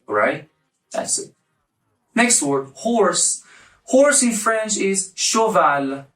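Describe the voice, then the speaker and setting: Man, language tutor, slow and deliberate, repeats each word, roomy far-off mic, faint music under. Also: high-pitched, expressive, fairly bright tone. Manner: slow, repeats each word several times for the viewer to copy. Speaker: language teacher. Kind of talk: casual online language lesson. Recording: echoey room, mic at a distance.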